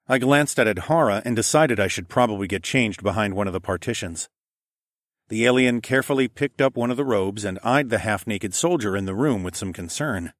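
A man with a fairly low voice reading a first-person audiobook, steady and measured in his storytelling. The sound is close and dry, with no room around it. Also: dry recording. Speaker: audiobook narrator. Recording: dry close studio recording.

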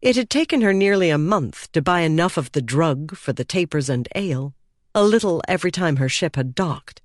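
An audiobook narrator reading a fantasy novel in a measured, expressive way. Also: mid-range voice, no room sound, clean studio sound. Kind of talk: scripted narration.

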